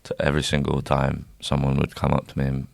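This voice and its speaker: A young man co-hosting a banter podcast with an extremely deep voice. He rambles through jokey tangents and laughs easily. The sound is dry and close to the mic. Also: monotone, fast talker, creaky, darkish tone, dry recording. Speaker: podcast co-host.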